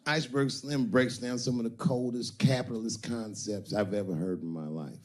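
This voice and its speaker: A man's voice: mid-range voice, normal speed, darkish tone. A man performing stand-up, telling a story in a profane, theatrical way. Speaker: stand-up comedian.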